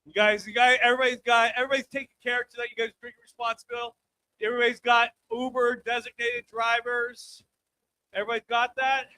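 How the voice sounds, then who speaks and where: A man in his thirties doing a live stand-up comedy set, brash and loud, working the crowd and breaking into shouts. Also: extremely high pitch. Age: 30s. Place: comedy club stage.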